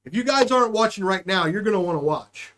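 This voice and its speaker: A man hosting a live show, telling a story in a loose, profane way, speeding up and then drawing his words out. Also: high-pitched. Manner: animated, profane, swings between quick and drawn-out. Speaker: podcast host. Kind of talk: casual storytelling.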